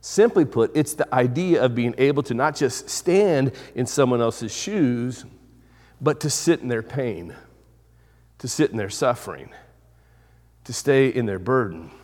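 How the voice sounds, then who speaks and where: Male pastor, sermon, mid-pitched voice, loud-to-hushed preaching, repeated phrases, long hall reverb. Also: expressive, measured pace.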